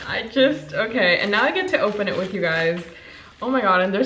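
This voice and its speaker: Book vlogger, woman in her 20s, gushing and excitable, mid-pitched, echoey room. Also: slight background noise. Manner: bubbly, gushing, quick bursts of excitement. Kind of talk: casual chat to camera.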